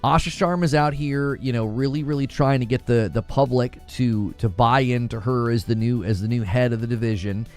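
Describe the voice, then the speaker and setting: A male podcast host leads a casual discussion, raising curious questions. He stumbles into repeated words before he finds his point. His voice is mid-pitched, with faint music playing underneath. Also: moderate pace, few pauses, darkish tone. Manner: curious, questioning, stammering restarts.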